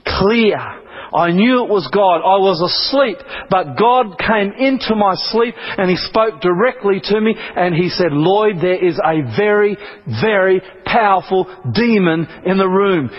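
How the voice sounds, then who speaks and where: A man from Australia, a preacher telling a testimony in an earnest, dramatic way with repeated phrases, on a dull lo-fi recording. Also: high-pitched. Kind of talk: sermon testimony.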